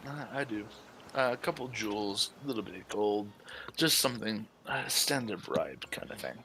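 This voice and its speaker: A man playing a tabletop role-playing game, talking smoothly in character with hesitant fillers. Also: on the low side, animated, moderate pace, bright, forceful tone, a little hiss or hum, poor audio. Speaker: player.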